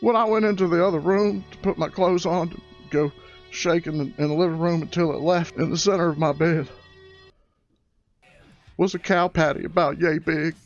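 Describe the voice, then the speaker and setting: A man telling a crude comic story, excitable and prone to loud rising outbursts. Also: a little high, moderate pace, dull audio, soft background music. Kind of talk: stand-up storytelling.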